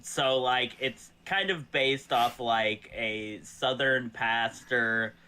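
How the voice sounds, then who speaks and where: A man's voice: mid-range voice, slow, sharp tone, smooth. A man from the US South chatting casually as a guest, rambling loosely with many fillers. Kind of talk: casual chat.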